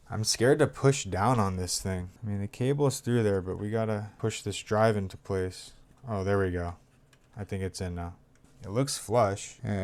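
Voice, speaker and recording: Low-voiced man muttering through a repair. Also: a little mellow, clean tone. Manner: mutters while working, grows frustrated and swears. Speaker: tech vlogger. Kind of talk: casual hands-on narration.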